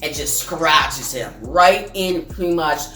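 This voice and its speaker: A man's voice: fairly high pitch, slow pace, sharp tone, far from the mic. A man reviewing a comic book in a casual vlog. He retells the plot in a rambling way, with plenty of "like" and "pretty much". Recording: roomy, off-mic with faint music.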